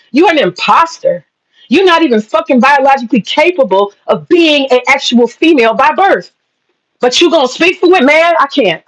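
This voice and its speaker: The audio is poor as a woman vlogger with a high-sitting voice vents her opinions directly to viewers. Emphatic and foul-mouthed, she keeps repeating her points and says she's getting upset.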